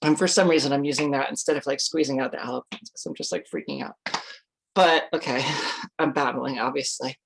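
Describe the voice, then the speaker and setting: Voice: medium pitch, animated, brisk, creaky, background noise. An adult vlogger telling a personal story in a casual, rambling way, full of fillers, swearing freely and acting out their own reactions.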